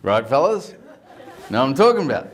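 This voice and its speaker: A man's voice: mid-range voice, very animated, a little fast. A man telling a cheeky joke, turning to the crowd to get them on his side. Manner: conspiratorial, addresses the crowd directly. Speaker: comedian.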